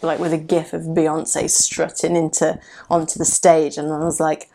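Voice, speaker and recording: A woman speaking in a low register with noticeable vocal fry, sharing personal experience in a relaxed solo podcast. She sounds candid and reflective. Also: normal speed. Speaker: podcast host. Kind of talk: casual solo podcast talk.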